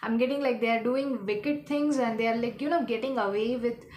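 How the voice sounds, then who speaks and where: A woman giving a casual tarot reading, rambling and halting as she hunts for her words. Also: on the high side, darkish tone, reverberant. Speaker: tarot reader.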